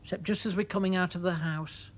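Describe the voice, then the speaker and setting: A man's voice: high-pitched, fairly even intonation, brisk, slight background noise. A man performing a stage monologue, telling his story in a dry, wry, put-upon way and quoting the dialogue.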